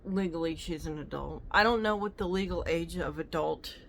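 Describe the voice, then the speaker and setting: A woman's voice: on the low side, moderate pace, vocal fry, a bit bright, a little hiss or hum. A woman telling rambling stories in a casual vlog, talking into her phone. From United States. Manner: chatty, rambling. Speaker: vlogger.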